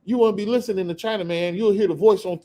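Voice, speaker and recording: A man leading a casual scripture study, talking loosely and reading Bible verses slowly and deliberately. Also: sits high, mellow. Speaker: Bible teacher.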